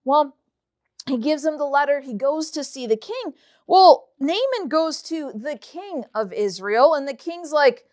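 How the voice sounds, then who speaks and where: A woman teaching a Bible story to children, reading scripture aloud and retelling it in lively, casual words. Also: high voice, unhurried.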